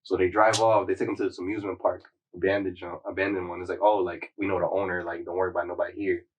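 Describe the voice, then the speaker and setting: A man with a lowish voice tells a story on a podcast, loose and slangy, leaning hard on "like" as he rambles along. He sits a little back from the mic, so his voice sounds somewhat distant. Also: level tone, fast talker, dull audio, a little hiss or hum. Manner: rambling slang-heavy retelling, packed with "like". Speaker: podcast host. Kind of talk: casual storytelling chat.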